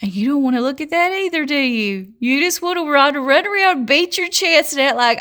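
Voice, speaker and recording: A woman's voice: high voice, lively intonation, normal speed, few pauses, sharp tone. A woman, a self-described prophetess, giving a fervent religious monologue, scolding and mocking her listeners and laughing mid-sentence.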